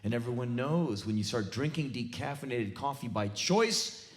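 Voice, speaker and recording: Performing a spoken-word comedy rant live in a theater, this American man in his forties erupts in fierce shouted bursts. He speaks at a normal speed with medium pitch and lively intonation.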